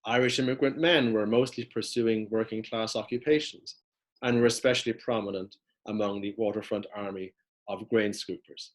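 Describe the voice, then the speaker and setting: A man's voice: on the low side, fairly even intonation. A man giving a prepared lecture, reading steadily from notes as he walks through maps. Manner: measured, reads from notes with map references.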